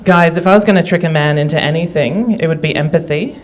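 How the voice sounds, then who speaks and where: Halting, self-deprecating stand-up woman. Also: deep voice, background noise. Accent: Australian. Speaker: stand-up comedian. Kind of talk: stand-up comedy set.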